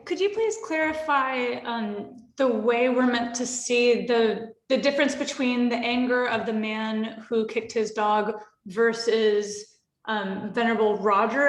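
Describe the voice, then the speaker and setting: A woman's voice: on the high side, a little slow. Hesitant woman asking in a roomy room. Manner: hesitant, searching for words. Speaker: student asking a question.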